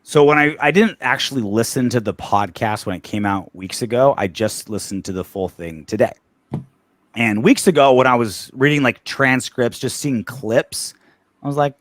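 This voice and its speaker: Animated man on a sports podcast. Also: mid-range voice, dry recording, studio quality. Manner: animated, swearing, rapid restarts. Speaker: podcast co-host. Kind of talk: casual sports podcast chat.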